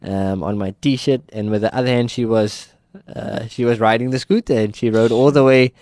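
A man's voice: medium pitch, steady tone, normal speed, darkish tone, dry recording, clean studio sound. A South African man earnestly telling his own life story in an interview, acting out the people he quotes. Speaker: guest sharing his testimony. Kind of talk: personal testimony in an interview.

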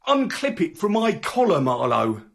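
A man voicing an excitable young storybook dog. The voice is raised and swings widely in pitch. He yelps and dramatizes every feeling. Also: normal speed, gravelly, exaggerated voice. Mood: fretful, eager.

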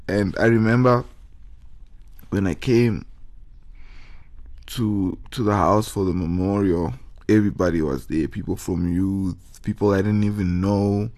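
A young man with a fairly low voice speaks as the host of a podcast, sharing a personal story. He talks in a halting, emotional way, repeats his words and holds back tears as he goes on. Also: darkish tone. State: tearful, holding back crying.

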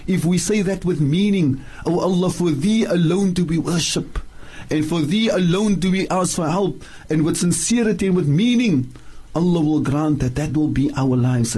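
A man teaching religion on the radio, his voice mellow, husky and a little high. He chants Arabic verses and repeats his main points for emphasis. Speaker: Islamic scholar, radio show guest.

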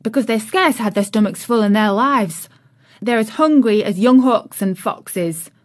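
A woman's voice: fairly high pitch, a little slow, natural voice. A woman voicing a cheerful, chatty young serving girl, homely and outspoken. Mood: incredulous.

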